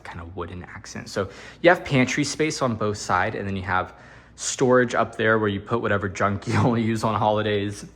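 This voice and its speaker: This man's mid-range voice sounds a bit bright, with a little hiss or hum on the recording. As a real estate agent, he walks through an empty house and narrates the tour in a chatty, upbeat way, tossing in jokey asides.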